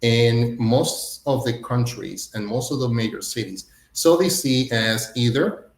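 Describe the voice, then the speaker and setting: A man's voice: mid-range voice, a little slow. A man who directs a city's international trade office, answering a panel question point by point. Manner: orderly, lists points one by one. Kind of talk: panel answer on a virtual summit. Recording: echoey room.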